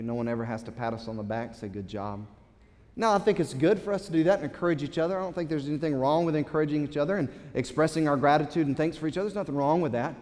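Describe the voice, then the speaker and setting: Pastor, male, fervent sermon delivery with rising emphasis, fairly high voice, long church-hall reverb. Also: darkish tone. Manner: impassioned preaching with swells of emphasis and repeated words.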